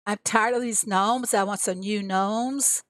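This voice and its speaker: A woman's voice: mid-range voice, steady tone, measured pace, a bit bright, no room sound. A woman streaming a mobile farming game, chatting casually with her viewers and talking herself through each move. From USA. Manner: chatty, talks to herself and reads chat aloud. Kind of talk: casual live-stream commentary.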